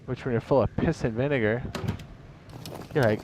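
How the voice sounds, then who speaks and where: Casual male streamer, mid pitch, tired, profane and rambling, noisy game audio behind. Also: a little fast, pauses often. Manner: rambling, profane, laughs at his own jokes.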